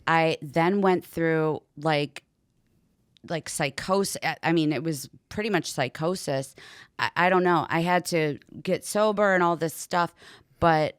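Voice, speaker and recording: A woman with a low, grounded voice talks as a podcast guest. She tells her story in an animated, loose way, full of "like" and casual swearing. The sound is dry and close, with no room echo. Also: a little slow, clean tone. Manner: animated, heavy use of "like" and swearing. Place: podcast studio.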